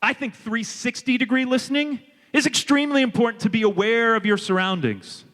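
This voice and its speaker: A man with a high, sharp, bright voice delivers an energetic leadership talk to a room of students. He talks to the audience directly and works them up. The sound carries a long reverberation from a big hall. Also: fairly quick. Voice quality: energetic, animated and audience-engaging. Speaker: leadership speaker.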